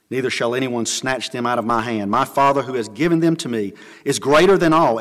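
Earnest male preacher in a reverberant hall. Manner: earnest preaching, dropping low and soft for scripture and stories. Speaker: pastor. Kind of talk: sermon. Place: church sanctuary.

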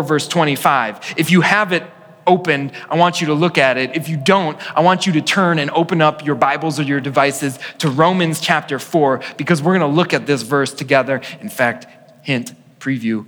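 A male pastor delivers an earnest sermon to his congregation, his somewhat high voice carrying through a church with a long reverb tail. He drops to a near hush for weighty lines, then rises to press a point home. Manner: earnest preaching, swings from hushed to emphatic.

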